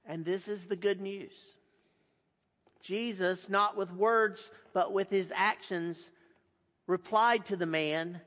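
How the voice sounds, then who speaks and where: A pastor delivering a sermon in a deliberate, emphatic way with repeated phrases. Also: male voice, high-pitched, fairly even intonation, fairly bright tone. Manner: slow, deliberate and emphatic, with repetition. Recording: long hall reverb.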